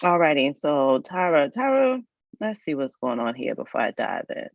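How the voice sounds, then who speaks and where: A woman's voice: sits low, big pitch swings, moderate pace, vocal fry, no echo, highs cut off. A woman, hosting a live resume review in a casual, folksy, chatty way and talking straight to her viewers. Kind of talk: casual livestream chat.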